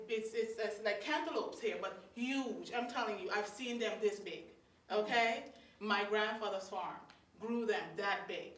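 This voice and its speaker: A woman from Guyana with a Guyanese accent, telling stories to a live audience in a lively, chatty way, laughing between lines. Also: on the high side. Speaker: storyteller. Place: meeting hall of a religious society. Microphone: distant room mic. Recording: echoey hall from far off.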